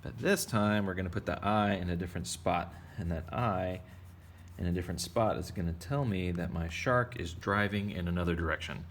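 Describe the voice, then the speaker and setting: Gravelly deep-voiced man teaching drawing. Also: moderate pace, a little hiss or hum. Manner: playful, chatty, narrates while drawing. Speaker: art teacher. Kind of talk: casual drawing tutorial for kids.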